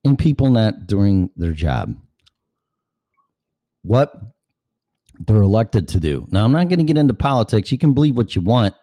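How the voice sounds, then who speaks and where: Low-voiced guy ranting slow and sarcastic, swears a lot, pitch jumps all over, dry close sound. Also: very animated, dark tone, dry recording. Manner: acts out voices mid-rant. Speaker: show host. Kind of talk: opinion monologue.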